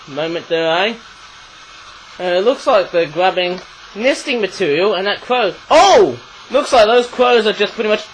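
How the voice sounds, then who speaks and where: A man's voice: sits high, slight background noise, rough recording. Rambling man with a frog in his throat. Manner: rambling, throat-clearing, chatty. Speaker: toy reviewer. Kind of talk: casual video review.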